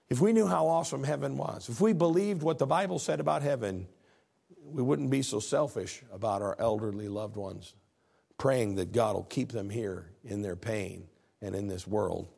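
Male pastor preaching, gravelly husky voice, earnest, repeats himself a lot. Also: mid-range voice, normal speed, warm tone. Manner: earnest preaching, reads scripture aloud, repeats words. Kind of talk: sermon.

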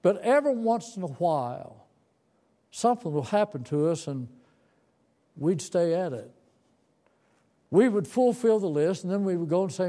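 A man's voice: high-pitched, very animated, moderate pace, pauses often, warm tone. A man in his seventies telling a tender, folksy story from his boyhood as part of a sermon. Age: 70s. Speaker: preacher.

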